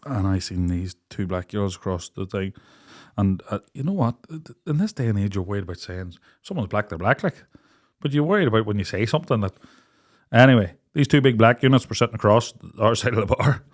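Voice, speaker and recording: The Irish podcast co-host, a young adult, talks briskly and expressively in a lowish voice. Telling his night-out story, he swears liberally and acts out quotes amid bursts of laughter.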